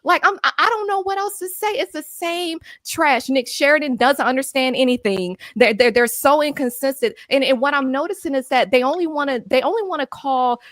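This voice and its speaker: Fired-up high-voiced woman ranting. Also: brisk, few pauses, a bit bright, dry recording, clean studio sound. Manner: blunt, fired-up, repeats herself when angry. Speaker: post-game show panelist. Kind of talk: heated sports talk rant. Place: at home. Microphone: own microphone on a video call.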